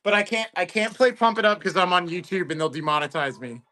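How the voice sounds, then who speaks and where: This fast-talking streamer runs a card-opening livestream in a high male voice. Chatty and excitable, he calls out viewers by name during the casual stream banter.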